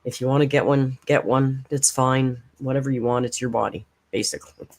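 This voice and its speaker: A woman's voice: extremely low pitch, fairly even intonation, brisk. A woman hosting a reaction channel, giving blunt, sarcastic casual commentary and swearing freely.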